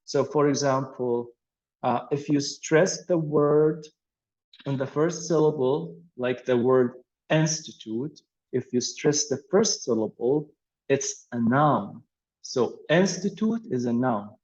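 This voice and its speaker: A man's voice: mid-range voice, takes it slowly, a little mellow. A man teaching an English pronunciation and vocabulary lesson, patient, with many fillers and repeated words. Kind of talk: explaining a language lesson. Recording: dull lo-fi audio.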